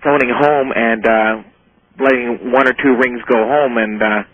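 A man's voice: mid-range voice, steady tone, a little slow, slight background noise. A man calling in to a radio show, talking hesitantly with many fillers, heard over the phone. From Arizona. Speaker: caller. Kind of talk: call-in radio talk. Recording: tinny phone line.

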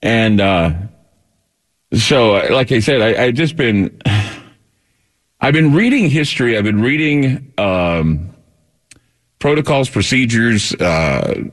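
A man's voice: medium pitch, lively intonation, takes it slowly, long pauses. A tired male talk radio host in a rambling monologue, often repeating words and restarting.

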